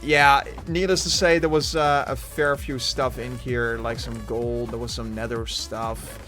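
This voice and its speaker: Over faint background music, a man streams his Minecraft world, chatting and rambling casually with lots of fillers and restarts. His mid-range voice sounds pushed and bright, moves little in pitch, and keeps a measured pace.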